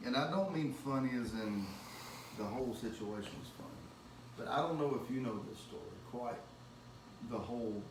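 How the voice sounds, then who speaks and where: A man's voice: medium pitch, normal speed. Male host and singer, rambling chatty storyteller, roomy distant sound with background noise. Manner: rambling, self-correcting, chatty. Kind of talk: casual storytelling on a talk show. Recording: echoey room, mic far off, noisy background.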